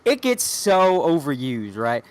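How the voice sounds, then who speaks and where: A man's voice: a little high, sing-song, measured pace, a crowd in the background. A man on a casual podcast making dry, wry remarks. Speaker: podcast guest.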